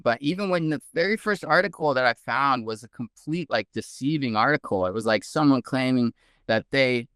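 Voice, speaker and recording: Smooth-voiced man telling a story. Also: mid-range voice, normal speed, no room sound, studio quality. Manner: animated, heavy use of "like". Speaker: guest researcher. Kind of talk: casual storytelling.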